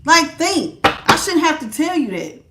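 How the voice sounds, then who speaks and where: Loud, blunt woman tarot reader; high, carrying voice, sassy, laughs often, close on a good mic. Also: very animated, unhurried, heavy background noise. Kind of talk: live tarot reading, chatting with viewers. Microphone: good studio mic.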